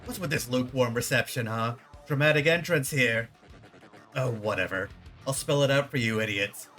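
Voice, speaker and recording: A man's voice: medium pitch, normal speed, bright, forceful tone, natural voice. A man voicing a boastful scheming male villain who mocks and barks orders, with faint game music behind. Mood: gloating. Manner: smug, mocking, barking orders.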